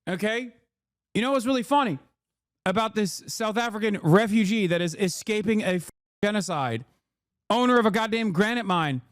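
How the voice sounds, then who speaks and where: A man's voice: sits high, animated, normal speed, dry recording. A man doing casual livestream commentary, sarcastic and profane, riffing and talking into a close desk mic. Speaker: streamer and political commentator.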